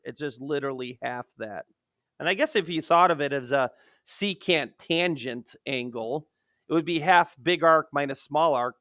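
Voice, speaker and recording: A man's voice: on the high side, sharp tone, no echo, clean studio sound. A man, a math teacher, talking through a geometry lesson in a joking, self-deprecating way, swinging from playful outbursts to muttered asides.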